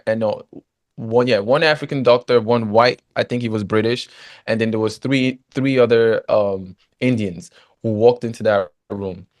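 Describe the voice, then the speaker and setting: A man with a fairly low voice tells his story in a relaxed interview, animated and leaning on "you know" between phrases. He was recorded close and dry, with no room sound behind him. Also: dry recording. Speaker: guest, former footballer turned agent.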